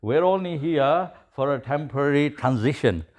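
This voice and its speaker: A man's voice: a little high, lively intonation, moderate pace, darkish tone. A man giving a sermon, telling a story in an easy way and rising to emphatic preaching.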